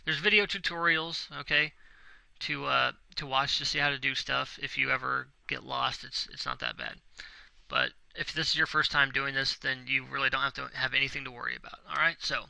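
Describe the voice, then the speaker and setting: A young man narrating a screen tutorial in a casual, reassuring way, checking in again and again. His voice is very bright and has a gravelly fry. The sound is dry, close to the mic. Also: medium pitch, fairly even intonation, fairly quick, no echo, poor audio. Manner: casual, reassuring, repeats himself often with "okay?". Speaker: web tutorial instructor. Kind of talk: screen-recorded tutorial walkthrough.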